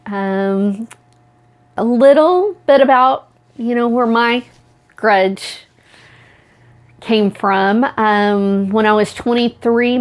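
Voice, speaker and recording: A middle-aged woman with an Oklahoma Southern drawl speaks in an unhurried, measured way. She sounds earnest and confiding, sharing a personal motivational talk straight to camera at a middle pitch. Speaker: self-empowerment vlogger.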